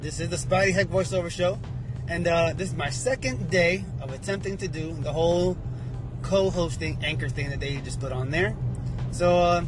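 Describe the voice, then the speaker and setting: A man's voice: on the high side, steady tone, moderate pace, over music. A man hosting his podcast, giving a rambling, jokey intro with lots of fillers. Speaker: podcast host. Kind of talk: casual show intro.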